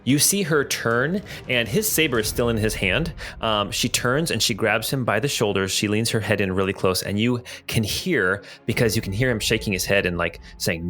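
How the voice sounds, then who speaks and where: A man's voice: lowish voice, moderate pace, hardly any pauses, fairly bright tone, soft background music. A man narrating as game master of a tabletop game, casual and descriptive.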